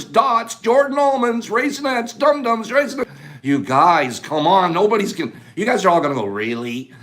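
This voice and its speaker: A man hosting a casual live chat, calling out items rapidly in a playful, animated way and joking with viewers indoors. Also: sits high. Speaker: livestream host.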